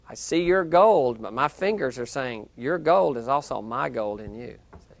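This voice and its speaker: A gravelly-voiced male professor teaching a class, talking in an easy, animated way and slipping into little acted-out reactions. His voice sits at a middle pitch, and the sound is close and dry. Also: moderate pace, no room sound. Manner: conversational, animated, acts out quoted reactions. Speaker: university lecturer. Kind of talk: classroom lecture. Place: lecture hall, televised class.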